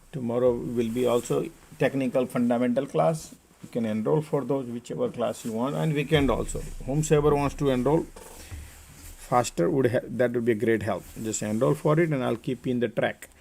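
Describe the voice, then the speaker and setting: Gravelly man streaming live market talk. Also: medium pitch, a little mellow. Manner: casual, chatty, talks to viewers by name. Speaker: trading stream host.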